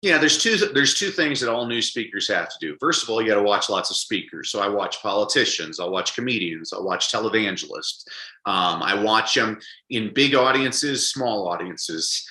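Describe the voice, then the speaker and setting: A man speaking as an interview guest, an animated storyteller who acts out quotes. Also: on the low side, normal speed, reverberant, low-quality recording. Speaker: guest, public speaker and coach. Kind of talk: conversational interview.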